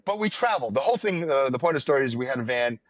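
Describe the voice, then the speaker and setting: A man's voice: medium pitch, expressive, racing, dry recording. Older new guy rambling thru old stories, lots of ums, dull lo-fi dry sound. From New York area, US. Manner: rambling, wry storyteller with many fillers. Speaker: podcast host. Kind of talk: casual chat, storytelling.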